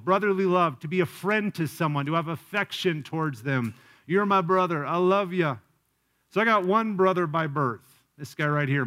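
A male pastor delivering a sermon in a somewhat high voice. He speaks earnestly and personally, often turning to the congregation with direct questions. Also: fairly bright tone. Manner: earnest preaching with frequent rhetorical questions.

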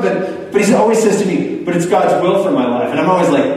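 A man preaching a sermon in a conversational way, turning lively when he quotes other people. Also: high-pitched, moderate pace. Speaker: pastor. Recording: echoey hall, far from the mic.

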